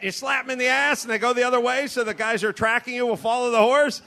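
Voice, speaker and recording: A middle-aged American man hosting a comedy show, telling rambling, profane stories with animated asides into a studio mic. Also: very high-pitched, fast, few pauses. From United States. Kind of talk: comedic storytelling. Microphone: studio mic with cord.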